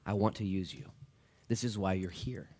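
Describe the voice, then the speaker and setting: A man preaching a sermon as a pastor in a church, talking to the congregation in a conversational way that drops low and quiet, then rises loud and emphatic. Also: normal speed.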